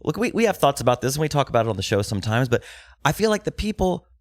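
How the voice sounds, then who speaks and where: Lively-pitched podcast cohost, dry sound. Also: male voice, racing, dry recording. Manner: short agreeing interjections. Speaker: podcast host. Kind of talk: casual podcast chat.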